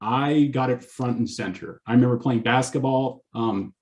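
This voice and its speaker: A man who grew up in Canada, a physician speaking on a discussion panel and telling stories from his life in an earnest, animated way. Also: mid-range voice, moderate pace.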